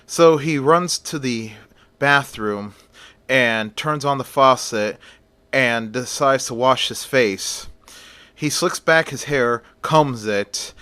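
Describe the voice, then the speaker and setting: A man narrating a horror story in an animated, plain storytelling manner. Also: medium pitch, no echo.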